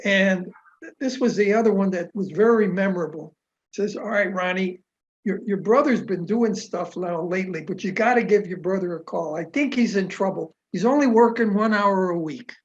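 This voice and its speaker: A man interviewing a guest at a live event, asking questions in a halting way. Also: sits high. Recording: dull lo-fi sound.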